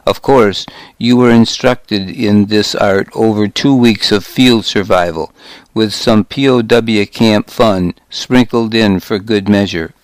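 A man's voice: on the low side, takes it slowly, no echo. A man voicing a stern male instructor, lecturing trainees in a matter-of-fact way.

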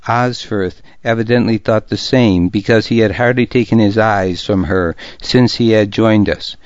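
A man narrating a historical novel in the first person, calm and measured. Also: fairly low pitch, no room sound. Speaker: audiobook narrator. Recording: dull lo-fi recording.

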